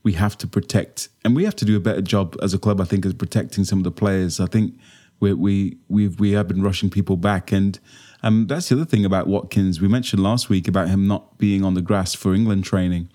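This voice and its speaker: A man co-hosting a casual fan podcast, talking haltingly with many restarts. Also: low-pitched, steady tone, warm tone. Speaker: podcast co-host.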